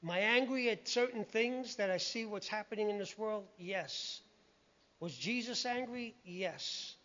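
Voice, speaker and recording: A man's voice: sits high, measured pace, sharp tone. A man preaching a sermon in a conversational, emphatic way, often quoting scripture. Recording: muffled lo-fi recording.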